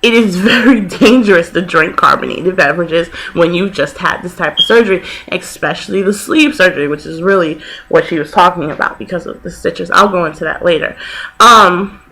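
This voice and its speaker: A woman's voice: lowish voice, brisk, poor audio. A woman in her twenties telling a story casually in a vlog, acting out the people she quotes. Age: 20s. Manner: animated, laughing, acts out people she quotes. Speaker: vlogger.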